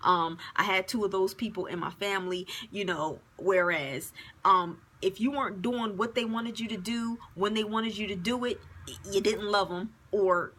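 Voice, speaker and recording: A woman's voice: mid-range voice, moderate pace, fairly bright tone. A woman in her forties giving frank, chatty advice on her vlog, with plenty of fillers. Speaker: advice vlogger.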